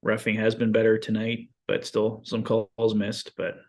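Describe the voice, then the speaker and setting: A man's voice: lowish voice, completely flat delivery, normal speed, gravelly. A man co-hosting a fan watch stream, casually reading out viewers' picks and chatting about the game.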